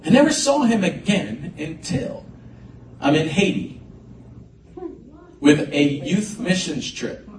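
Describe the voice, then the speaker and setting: Storytelling pastor in an echoey hall. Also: male voice, fairly high pitch, background noise. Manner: animated storyteller, lively swings in loudness. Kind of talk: sermon storytelling. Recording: echoey hall mic from a distance.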